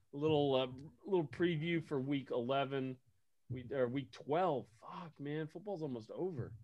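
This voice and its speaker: A man's voice: fairly high pitch, a little slow, a little mellow, highs cut off. A man hosting a casual sports podcast, telling stories with lots of swearing and laughter. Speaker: podcast host.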